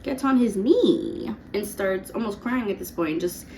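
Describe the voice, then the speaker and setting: A woman's voice: medium pitch, expressive, darkish tone, slight background noise. Chatty woman in her twenties telling a story. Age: 20s. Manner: chatty, lots of "like", quick laughs. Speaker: vlogger. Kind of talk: casual storytime vlog.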